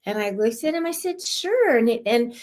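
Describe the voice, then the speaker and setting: A woman from California, a guest on a live-streamed club show, telling a personal story in a heartfelt, animated way. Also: fairly high pitch, normal speed. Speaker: guest, club lieutenant governor.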